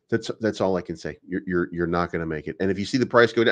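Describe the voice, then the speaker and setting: A man's voice: on the low side, expressive, quick pace, hardly any pauses, highs cut off. A young adult man hosting a crypto show, ranting with sarcasm and mocking viewers in whiny put-on voices. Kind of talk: energetic daily crypto show monologue.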